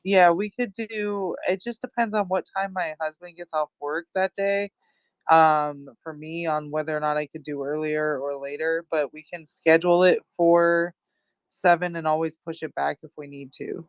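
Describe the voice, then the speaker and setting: A woman co-hosting a casual beauty chat, friendly and quick to laugh. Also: sits low, steady tone, no echo. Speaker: guest co-host. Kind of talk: casual chat on a live audio room.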